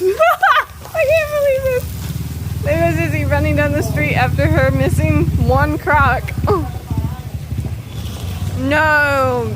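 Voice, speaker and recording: A woman's voice: high voice, background noise. A woman vlogging casually, amused and exclaiming in disbelief. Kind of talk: casual vlog narration. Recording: music playing underneath.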